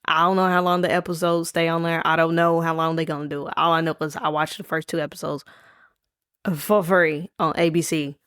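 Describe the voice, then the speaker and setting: A woman's voice: low-pitched, little pitch movement, brisk, fairly bright tone, clear, resonant tone, no room sound, studio quality. A woman hosting a casual solo podcast, rambling playfully and calling listeners baby and y'all. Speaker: podcast host. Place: home, recording at night.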